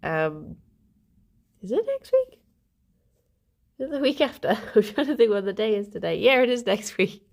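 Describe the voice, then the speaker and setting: A woman's voice: mid-range voice, lively intonation, brisk, gravelly, hardly any pauses. A young woman chatting casually to her livestream audience, giggling often and breaking off to talk to her pet rabbits at home. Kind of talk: casual chat to a live audience.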